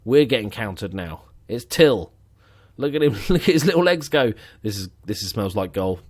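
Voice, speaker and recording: Low-voiced man, sarcastic game commentary. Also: lively intonation, moderate pace. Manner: sarcastic, muttering asides. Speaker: gaming commentator.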